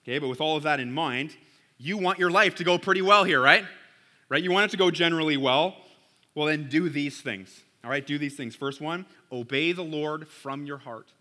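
A man's voice: fairly high pitch, brisk, sharp tone. A man preaching a sermon to a church congregation in a casual, conversational way, often checking in with "right?". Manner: conversational, keeps asking "right?". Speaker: pastor.

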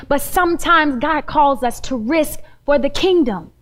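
A young woman delivering a sermon as a lively story, with a high, bright voice. She keeps talking directly to the congregation, casual and animated. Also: normal speed. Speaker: preacher.

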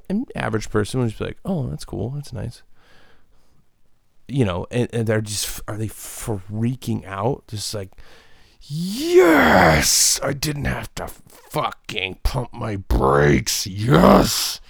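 A man hosting a solo comedic podcast, rambling in a deadpan, profane way. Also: fairly low pitch, vocal fry, no echo, clean studio sound. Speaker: podcast host.

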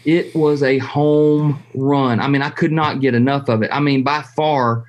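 A man's voice: mid-range voice, fairly even intonation, lo-fi sound. Folksy man telling a story. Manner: folksy, storytelling with drawn-out pauses and restarts. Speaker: hunting show host. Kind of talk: casual conversation.

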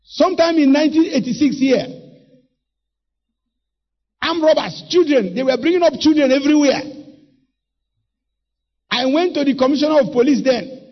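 A man's voice: extremely high pitch, normal speed, long pauses, muffled recording. A middle-aged Nigerian man preaching a sermon emphatically, switching between English and Igbo.

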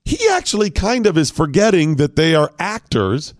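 Lively sarcastic male talk radio host. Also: a little high, moderate pace. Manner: animated, sarcastic, rambling. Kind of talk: political talk radio banter.

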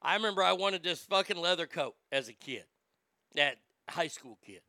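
A man's voice: on the high side, lively intonation, normal speed, pushed and bright, no room sound. A middle-aged man hosting a casual talk show, telling stories in a wisecracking, profane way. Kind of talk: casual talk radio banter.

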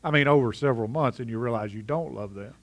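A man's voice: medium pitch, quick pace. A middle-aged man preaching a sermon in a conversational way, often asking his congregation questions. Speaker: pastor.

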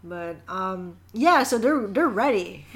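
A woman's voice: medium pitch, animated, takes it slowly. A woman co-hosting a casual chat, recapping a show and saying "you know" a lot. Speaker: podcast co-host.

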